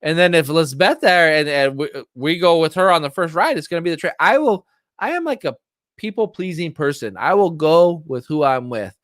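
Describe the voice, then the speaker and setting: A middle-aged man hosts a casual livestream hangout from a close mic. His voice sits a little higher than most men's, and the room sounds dry and dead. He rambles and gets excited easily. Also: moderate pace, dry recording. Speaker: livestream host. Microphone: streaming setup, close mic.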